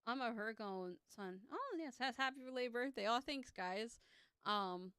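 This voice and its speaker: A woman's voice: on the high side, animated, measured pace, a bit bright, smooth, dry recording, clean studio sound. A woman in her thirties chatting casually on a live stream as a tarot reader. She rambles and teases herself, with lots of fillers and restarts. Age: 30s. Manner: rambling and self-teasing, with many fillers and restarts.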